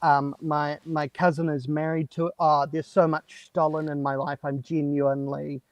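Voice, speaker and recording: Deadpan New quiz contestant. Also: male voice, on the high side, normal speed, no echo. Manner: deadpan, exaggerated complaints. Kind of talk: casual banter on a comedy quiz.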